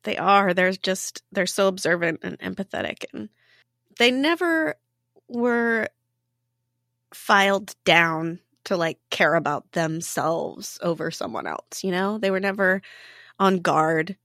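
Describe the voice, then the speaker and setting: A woman's voice: lowish voice, animated, takes it slowly, fairly bright tone, dry recording. A woman speaks as a guest in a podcast interview, reflective and heartfelt. Her voice is recorded close and dry, with no room sound.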